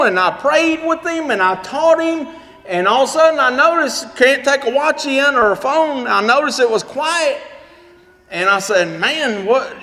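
A man preaches, telling stories and acting out each person's lines as he goes. His voice sits very high and sounds bright and forceful. The sermon rings with the long reverb of a church hall. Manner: animated storyteller acting out dialogue. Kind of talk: sermon storytelling.

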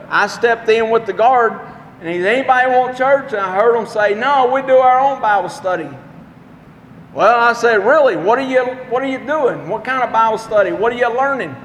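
A man preaching a sermon, telling a personal story in a folksy, earnest way with dramatic pauses. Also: very high-pitched, a bit bright, highs cut off. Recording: long reverb, faint background noise.

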